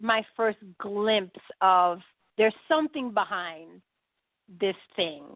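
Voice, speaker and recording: A woman's voice: medium pitch, slow pace, dry recording. New woman telling a story on a tinny line. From New York. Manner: animated, quotes people in dialogue, many fillers. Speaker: podcast guest. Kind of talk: conversational storytelling. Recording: dry, phone-like audio.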